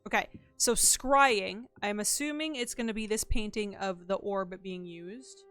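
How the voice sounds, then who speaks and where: A woman's voice: medium pitch, unhurried, hardly any pauses, a bit bright, soft background music. A young woman streaming a mystery game, chatting casually, thinking aloud and thanking her chat.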